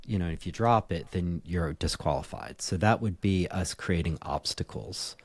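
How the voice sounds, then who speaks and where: A man's voice: deep voice, normal speed, husky, no room sound. A man co-hosting a podcast, chatting casually and playfully with jokes and restarts. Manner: playful, jokey, trails off and restarts. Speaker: podcast co-host. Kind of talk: casual chat.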